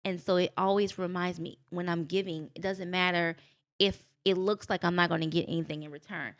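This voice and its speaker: Middle-aged woman, podcast guest, animated storyteller, acts out what people said. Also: fairly low pitch, a little fast. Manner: expressive, acts out quotes, faith-filled. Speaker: guest, business owner.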